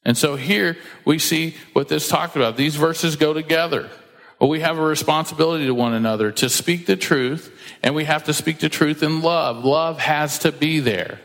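A man preaches in a sermon, emphatic and direct, slipping into quoted voices to make his points. His voice sits fairly high. It rings with the long reverb of a church hall. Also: normal speed, fairly bright tone. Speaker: pastor.

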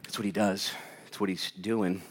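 A man's voice: low voice, level tone, normal speed. Emphatic male pastor preaching a sermon. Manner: emphatic, swings between loud urgent bursts and hushed quiet lines.

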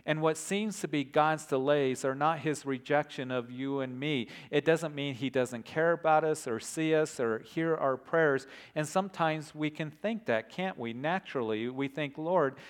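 A man's voice: a little high, normal speed, few pauses. Male pastor, middle-aged, earnest sermon delivery. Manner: earnest preaching, softens to a hushed prayer.

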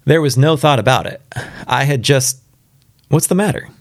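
A man's voice: mid-range voice, moderate pace, no room sound, studio quality, pitched above the performer's own voice, close to an everyday voice. A man voicing a stubborn elderly father who speaks insistently in a live story reading.

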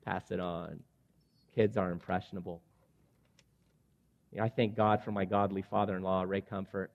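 A man in his forties preaching an earnest sermon to men, rising at times to loud, emphatic passages. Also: sits low, level tone, fairly quick. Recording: dull sound with long hall reverb.

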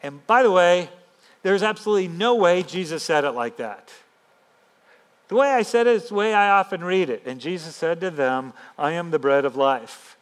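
A man pastor giving a sermon in an animated, emphatic, conversational way. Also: sits high, normal speed.

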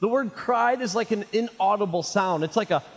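A male pastor preaching a sermon, animated and jokey, calling his listeners friends. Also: high voice, moderate pace. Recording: reverberant hall.

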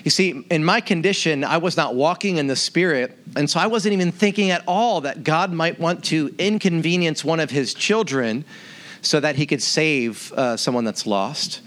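A man in his thirties preaching a sermon as pastor, telling a story with animated, acted-out quotes. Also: on the high side, normal speed.

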